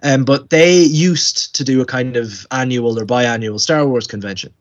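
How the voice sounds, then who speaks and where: A man chatting casually on a podcast, his story full of quoted voices and stammering restarts. The pitch sits mid-range, and the recording is a little muffled and lo-fi. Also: moderate pace. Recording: dull lo-fi sound.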